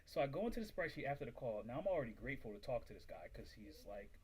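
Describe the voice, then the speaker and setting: A man hosting a casual livestream on reselling, telling stories in an animated way, full of "like" and acting out other people's voices. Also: mid-range voice, rapid-fire, slight background noise. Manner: animated, acts out quoted voices, heavy use of "like". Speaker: reselling business livestream host.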